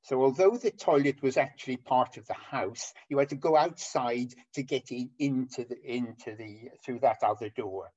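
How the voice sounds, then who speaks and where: An older man preaching a sermon, halting with many ums and restarts. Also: medium pitch, darkish tone. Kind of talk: sermon over an online call. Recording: dull lo-fi audio.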